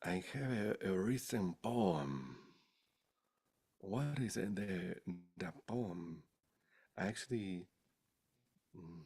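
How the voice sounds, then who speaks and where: Man, spiritual teacher, low gravelly voice, animated storyteller who drops to soft near-whispers. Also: drawn-out words, long pauses. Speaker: spiritual teacher leading a satsang. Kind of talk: casual spiritual talk to a group.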